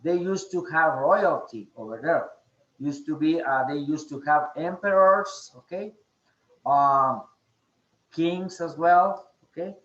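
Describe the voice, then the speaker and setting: A man teaching an online English class, speaking slowly with many fillers and a repeated "okay?". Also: a little high, a bit bright, echoey room, dull audio. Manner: slow, repeats "okay?" often, hesitant fillers.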